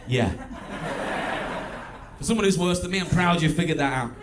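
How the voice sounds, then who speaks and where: Lively Stoke-on-Trent man doing stand-up. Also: on the high side, moderate pace, pauses often, background noise. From England. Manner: chatty and wry, with bursts of loud mimicry. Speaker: stand-up comedian. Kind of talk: stand-up comedy set. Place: comedy club stage before a live audience.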